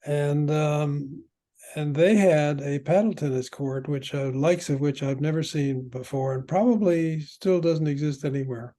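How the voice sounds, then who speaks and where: An older man, a veteran player, telling rambling stories from the old days with halting restarts. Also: fairly high pitch, warm tone. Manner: halting, many restarts while recalling. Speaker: guest, veteran padel player. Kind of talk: rambling anecdotal storytelling.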